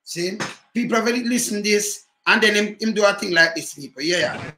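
Jamaican male commentator, animated patois rant, bright voice. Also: high-pitched, a little fast, roomy sound, slight background noise. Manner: animated patois ranting, repeated rhetorical questions. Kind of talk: livestream political commentary.

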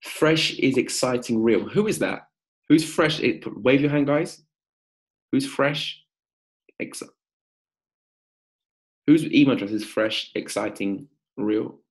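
A man hosting a live-stream coaching pitch, energetic and upbeat, calling out viewers by name. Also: slow, long pauses.

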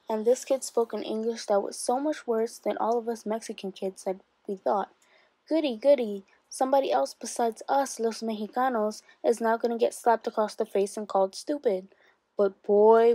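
A woman teacher reading a memoir aloud to her class, steady and expressive, with rises for emphasis. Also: mid-range voice, no room sound.

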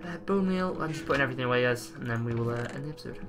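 A man's voice: mid-range voice, very fast, over music. A man casually commentating his own gameplay, chatty and jokey, swearing now and then. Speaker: let's play host.

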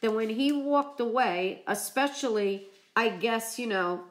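A woman vlogger chatting on a live stream, emotional and choked up from crying, talking haltingly with many restarts. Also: a little high. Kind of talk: casual live-stream chat.

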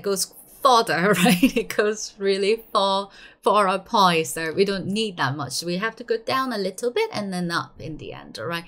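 A woman in her thirties with a Korean accent, a Korean teacher giving an encouraging online lesson and drawing out the example phrases slowly. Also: medium pitch. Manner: lively, encouraging, drawn-out model phrases.

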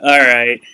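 A young man hosting a casual live sale stream, chatting loosely with lots of fillers and quick laughs. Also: on the high side, sharp tone, slight background noise.

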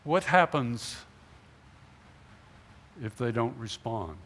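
A man's voice: mid-range voice, animated, slow pace, fairly bright tone. A middle-aged male pastor giving a sermon in a church sanctuary, asking the congregation questions and acting out imagined conversations. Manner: acts out imagined dialogue, asks the congregation questions. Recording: long hall reverb in a church.

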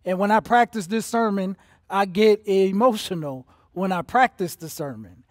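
High-voiced emotional pastor. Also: male voice, normal speed, dry recording, clean studio sound. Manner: emotional, builds from soft to intense. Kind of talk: livestreamed sermon. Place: church auditorium.

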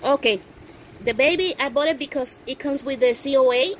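A woman filming an unboxing vlog at home, gushing with excitement and cooing as she talks. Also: sits high, fairly quick, a little hiss or hum, rough recording. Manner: gushing, excited, coos over the doll. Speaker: reborn doll collector vlogger. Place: indoors at home.

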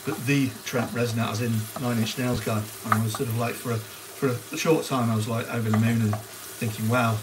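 A man's voice: medium pitch, fairly even intonation, fairly quick, few pauses, background noise. A man hosting a live cooking stream, chatting casually and greeting viewers by name as he cooks. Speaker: cooking livestream host. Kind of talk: casual live cookalong chat. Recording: frying sizzle behind the voice. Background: onions sizzling in a pan.

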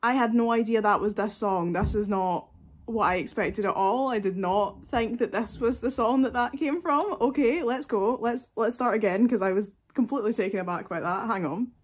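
A woman's voice: on the high side, normal speed. A woman, chatting casually and gushingly as a music reaction vlogger, with lots of fillers.

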